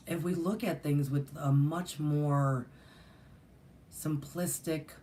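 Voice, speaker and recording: A woman's voice: low voice, steady tone, slow, dark tone, a little hiss or hum. Woman, spiritual teacher, casual monologue, rambling with fillers. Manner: rambling, earnest, many fillers and restarts. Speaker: spiritual teacher and channel host.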